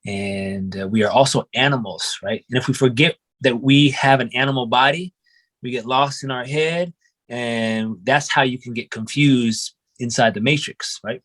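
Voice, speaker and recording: A man's voice: medium pitch, a bit bright. A young man, a qigong and breathwork instructor, telling his life story in a casual, reflective way, often saying "you know" and "man". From United States (grew up in Oregon).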